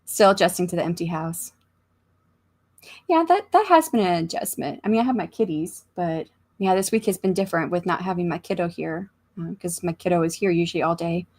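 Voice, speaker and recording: A woman with a slightly low voice and an American accent hosts a relaxed livestream from her home. She talks in a rambling, thinking-out-loud way, full of fillers, and reads her viewers' comments as she goes. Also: brisk. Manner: chatty, rambling, thinks aloud, many fillers. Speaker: author livestream host. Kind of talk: casual livestream chat, reading comments aloud. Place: home room.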